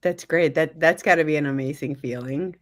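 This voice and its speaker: A woman with a low-pitched voice hosts a panel discussion over a video call. She talks in an affirming, encouraging way and fills her pauses with frequent "um"s. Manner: warm and affirming, many fillers. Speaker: panel host.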